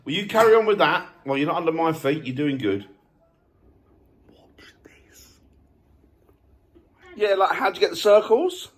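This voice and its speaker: A man's voice: fairly high pitch, sing-song, quick pace, hardly any pauses. Family-man vlogger, playful ribbing, bouncy intonation. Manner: teasing, playful banter. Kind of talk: casual home vlog. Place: family home.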